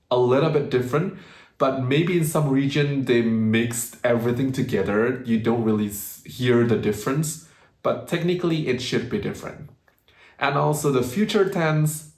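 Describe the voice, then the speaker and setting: A man giving a pronunciation lesson, slowing down to demonstrate each sound. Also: mid-range voice, reverberant. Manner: slow, exaggerated demonstration of sounds. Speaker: language teacher.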